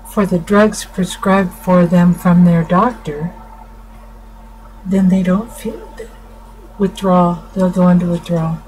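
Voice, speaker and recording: A middle-aged woman counselor explaining to viewers in an informal talk, unhurried, restarting her sentences often. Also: on the low side, a little mellow, low-quality recording. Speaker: family counselor. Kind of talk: informal teaching talk to camera. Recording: faint background noise.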